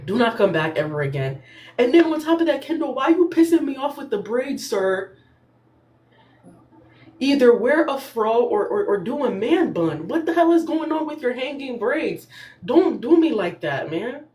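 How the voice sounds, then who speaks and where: A young woman hosting a casual recap podcast, sassy and animated, laughing often as she talks. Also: fairly high pitch, moderate pace, reverberant. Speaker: podcast host.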